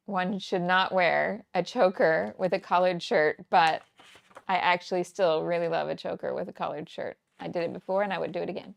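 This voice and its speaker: A talkative woman in her forties, from around Kansas City, hosting a casual crafting livestream. Her fairly high voice has a gravelly fry to it, and the sound is close and dry. She rambles through stories and laughs often. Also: dry recording. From United States, Kansas City area. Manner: chatty, rambling storyteller who laughs often. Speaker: scrapbooking teacher and livestream host.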